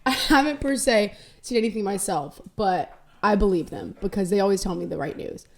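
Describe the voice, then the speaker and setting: A woman's voice: mid-range voice, brisk, darkish tone. A young woman hosting a casual solo podcast, rambling candidly between topics with self-deprecating jokes. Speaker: podcast host.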